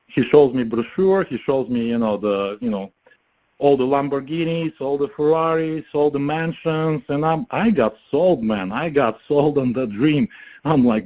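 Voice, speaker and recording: A man's voice: mid-range voice, normal speed, a little mellow, rough recording. A man, telling his story in a casual motivational talk, chatty, laughing often and full of fillers and restarts. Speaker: network marketing speaker.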